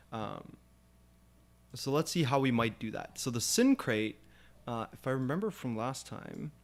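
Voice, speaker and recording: A young man hosting a live coding session, thinking aloud as he explains code and works through ideas, often pausing with fillers and restarts. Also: medium pitch. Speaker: programming stream host.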